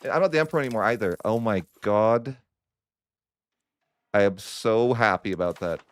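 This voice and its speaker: A man's voice: lowish voice, normal speed, no room sound. Young male gameplay commentator, exasperated and sarcastic, clean resonant voice, dead-dry close sound. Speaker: strategy game streamer.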